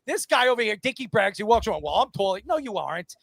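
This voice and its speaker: Brief: brash male sports host, high gravelly voice, dry close sound, argues loudly. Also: big pitch swings, fast, dry recording. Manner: loud, brash, argumentative banter. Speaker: podcast host. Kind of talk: casual sports talk.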